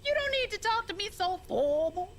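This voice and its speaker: A sassy, swooping ship computer. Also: female voice, extremely high pitch, sing-song, moderate pace. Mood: flirty. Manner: sassy, flirty, teasing. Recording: sitcom audio with a laugh track.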